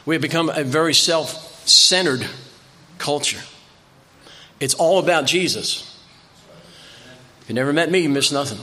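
An older male preacher tells folksy stories from the pulpit, circling back and repeating phrases for emphasis. His voice is bright and forceful, sitting a little high for a man. He speaks to a church congregation. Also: normal speed, pauses often. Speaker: visiting preacher. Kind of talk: sermon.

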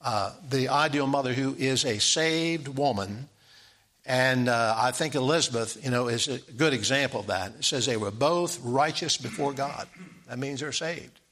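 A man's voice: medium pitch, normal speed, fairly bright tone. A middle-aged man preaching a sermon in an easygoing, conversational way, reading scripture aloud.

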